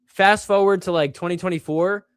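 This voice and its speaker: A man hosting a show, telling stories in a casual way with lots of "like", animated and poking fun at himself. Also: high-pitched, normal speed, clear, resonant tone, dry recording, studio quality. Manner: animated, self-mocking, heavy use of "like". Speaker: show host. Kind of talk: casual solo storytelling.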